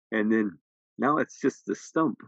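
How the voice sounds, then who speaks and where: A man's voice: on the low side, gravelly, no room sound, lo-fi sound. A middle-aged man, a minister, gives a dharma talk in a temple, telling a story with many restarts and then making his points emphatically. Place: temple hall.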